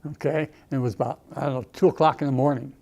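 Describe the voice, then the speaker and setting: A man's voice: medium pitch, fairly even intonation, racing, vocal fry, mellow. An older man, an Army veteran, reminiscing emotionally in a documentary interview, often saying "okay" and "you know".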